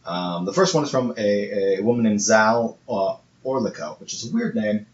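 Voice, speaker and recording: A low-voiced man chatting on a podcast, often stuttering on repeated words before he gets going. He reads accounts aloud in a loose, casual way. The recording is echoey and muffled, with a faint hiss behind him. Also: lively intonation, moderate pace. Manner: stammering restarts, reads testimonies aloud. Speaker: podcast co-host. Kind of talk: casual chat.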